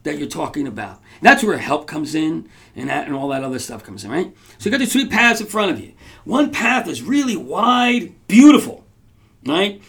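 A man's voice: fairly high pitch, sing-song, normal speed, creaky, a bit bright. A man hosting a podcast, telling a story casually to his audience in a rambling way, with restarts and frequent checks like "right?". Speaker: podcast host.

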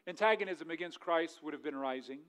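A man preaching a sermon, reading scripture aloud and swinging between loud, rising emphasis and quiet asides. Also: a little high, brisk, clean tone. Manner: preaching with rising intensity, then dropping quiet; reads scripture aloud in old-fashioned wording. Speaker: pastor.

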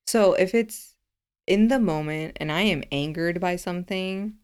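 Female co-host, slightly low pitch, chatty and expressive, laughs easily. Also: unhurried, clear, resonant tone. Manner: expressive and laughing, talks things through aloud. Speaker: podcast co-host. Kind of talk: casual chat.

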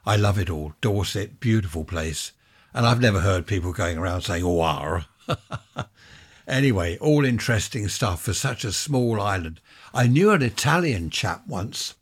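Husky, low-voiced older Englishman rambling. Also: animated, moderate pace. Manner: chatty, wandering, with chuckling asides. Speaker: podcast host. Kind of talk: rambling casual monologue.

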